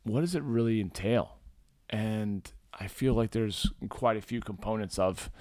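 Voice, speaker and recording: A man hosting a solo podcast, his voice sitting low with a slightly groggy morning tone. He talks in a casual, reflective way, pausing on "uh" and circling back as he works through his thoughts. The sound is close and dry, with no room around it. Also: darkish tone, dry recording. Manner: reflective, thinking aloud with many fillers and restarts. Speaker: podcast host and men's coach.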